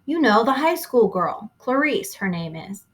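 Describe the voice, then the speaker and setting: A woman's voice: a little high, very animated, measured pace. A woman reading aloud, voicing a bewildered adult man who fires off exasperated questions.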